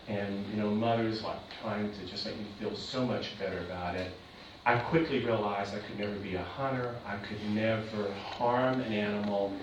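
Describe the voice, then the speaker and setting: A man earnestly telling a personal story to a live audience. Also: fairly low pitch. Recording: distant echoey barn with background noise.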